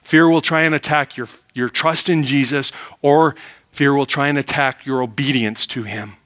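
A middle-aged man preaching a sermon, emphatic, asking the congregation rhetorical questions and dropping to a hush to make a point. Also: mid-range voice, fairly even intonation, normal speed. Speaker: pastor.

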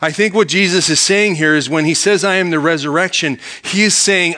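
A male pastor with a bright, ringing voice that sits a little high for a man. He reads verses aloud, then explains them by posing questions back to his listeners in a sermon. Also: a little fast, hardly any pauses.

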